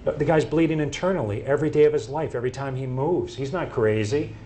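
A man walks a room through medical cases in a live talk, performing the dialogue between himself, patients and doctors as he tells each story. He speaks a little fast with medium pitch and a dark tone, over a faint hiss or hum.

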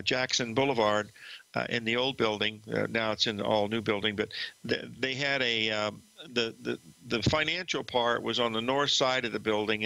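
Gravelly older man telling trading stories. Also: mid-range voice, bright, forceful tone, dry recording, rough recording. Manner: rambling, halting with many restarts and fillers. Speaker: trading show host. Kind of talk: storytelling market commentary.

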